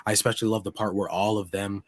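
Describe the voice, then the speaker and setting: Enthusiastic young man with a low voice. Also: flat delivery, fast talker. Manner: enthusiastic, rambling with restarts. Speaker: podcast host. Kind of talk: casual chat.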